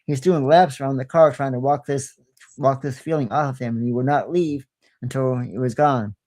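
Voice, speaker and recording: A man's voice: mid-range voice, steady tone, moderate pace, darkish tone. A man guest on a podcast, telling stories in a folksy way, often repeating himself. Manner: folksy storyteller, repeats himself, clears his throat. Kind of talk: casual podcast chat.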